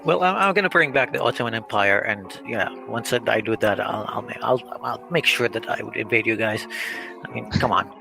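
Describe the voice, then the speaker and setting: A man's voice: fairly low pitch, a little fast, creaky. A man from Turkey on a casual stream chat, making long, earnest arguments. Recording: faint music behind.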